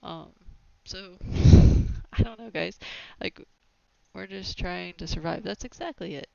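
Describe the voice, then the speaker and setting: A woman hosting a casual opinion podcast, animated and opinionated, often laughing as she talks. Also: on the low side, slow pace, gravelly, no echo. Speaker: podcast host. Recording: dry, slightly dull lo-fi sound.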